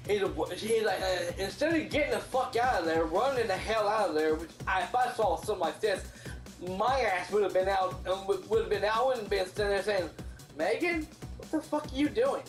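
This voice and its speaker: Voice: mid-range voice, brisk. Casual movie recap, rambling and profane, lots of restarts, roomy echo, faint music behind. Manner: acts out characters' lines in a raised voice. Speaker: movie reviewer.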